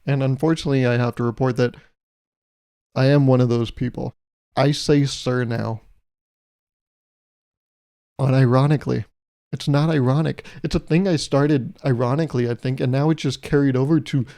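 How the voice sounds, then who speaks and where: A man's voice: medium pitch, dark tone. A young man hosting a solo podcast, riffing in a self-mocking way and acting out little imagined exchanges. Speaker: podcast host. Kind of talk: solo comedic podcast monologue.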